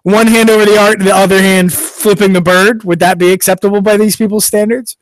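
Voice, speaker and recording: High-voiced wry man, dry sound. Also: little pitch movement, fairly quick, dry recording. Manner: wry, questioning, half-joking. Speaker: podcast co-host. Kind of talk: casual chat.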